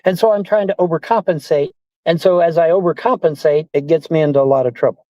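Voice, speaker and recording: A man's voice: on the high side, quick pace, mellow, no echo. A man ranting on a livestream, swearing a lot and repeating himself as he complains. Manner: profane, repetitive, indignant. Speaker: streamer. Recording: dull lo-fi stream audio.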